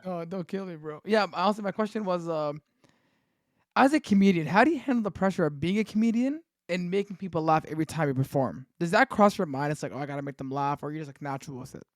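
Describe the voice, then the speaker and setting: A man co-hosting a podcast, chattering fast and excitedly with laughs. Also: high voice, no echo, studio quality. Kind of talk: casual podcast chat.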